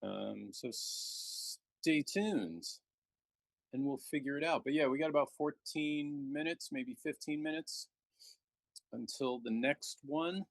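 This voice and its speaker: A man commentating a live backgammon match, joking and relaxed as he banters with his co-host. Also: a little high, moderate pace, no room sound.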